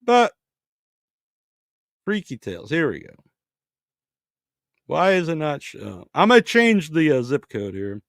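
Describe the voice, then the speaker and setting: A man's voice: on the high side, huge pitch swings, unhurried, gravelly, long pauses, a bit bright, dry recording. A man hosting a podcast in casual chat, chatty and thinking aloud as he searches online. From Massachusetts. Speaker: podcast host.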